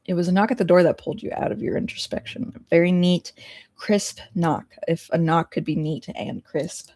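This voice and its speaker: A young woman streamer reading a story game aloud and reacting excitably, with laughing asides and loud outbursts. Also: lowish voice, normal speed, dry recording.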